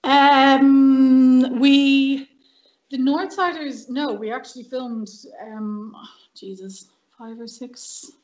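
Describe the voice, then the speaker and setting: A woman's voice: high-pitched, very slow, muffled recording. An Irish woman, a guest on a podcast, telling stories in a casual chat and acting out the dialogue. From Ireland. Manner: lively storyteller who acts out quoted dialogue. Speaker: podcast guest, actress and violinist. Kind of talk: casual storytelling interview.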